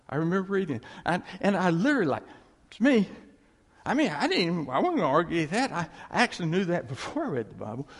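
A man preaching a sermon in a lively, conversational way, checking in with his congregation. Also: on the high side, gravelly, breathy edge. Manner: animated, conversational preaching with audience call-backs. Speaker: pastor. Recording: long hall reverb.

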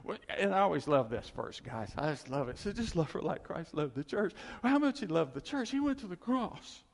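A man preaching in an animated, conversational way, laughing between his points. His voice sits high and swings widely. A long church reverb trails behind him. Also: a little fast, vocal fry. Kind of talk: sermon.

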